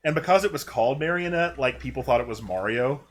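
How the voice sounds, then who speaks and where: A man's voice: medium pitch, animated, fast. A young man hosting a casual livestream while playing, rambling with lots of fillers and frequent laughs. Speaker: streamer host.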